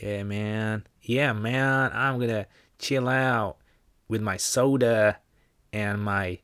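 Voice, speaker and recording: A man putting on a mocking, drawling American accent to play a relaxed guy snacking on a Saturday night. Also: fairly low pitch, slow pace, smooth. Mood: lazy, mocking. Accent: American, put on.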